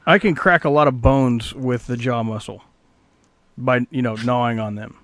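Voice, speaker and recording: A man's voice: mid-range voice, steady tone, moderate pace, a bit bright, dry recording. A man from the Midwest, cracking jokes and teasing in a casual podcast chat. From American Midwest. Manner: joking, teasing banter.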